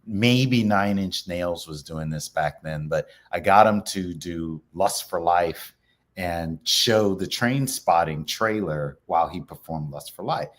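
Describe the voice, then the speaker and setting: A middle-aged man with a fairly low voice tells a story in a relaxed interview. He acts out the other people's lines with a lot of animation. He speaks as a company founder talking through his career. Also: slow. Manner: animated storyteller acting out quoted dialogue.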